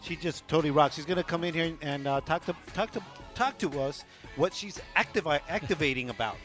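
Male co-host, crude jokester, lots of uhs, a bit higher pitch. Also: fairly quick, fairly bright tone, faint music behind. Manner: joking, crude, hesitant with fillers. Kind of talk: casual radio show chat.

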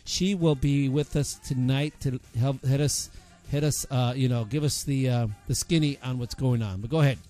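A man's voice: medium pitch, normal speed, hardly any pauses, mellow, soft background music. A man hosting a political talk radio show, ranting heatedly with many fillers.

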